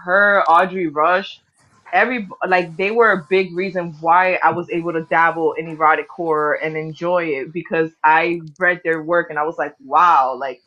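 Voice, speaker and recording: A woman author chatting casually as an interview guest, excitable and slangy, laughing often. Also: on the low side, moderate pace, muffled recording. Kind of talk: casual chat.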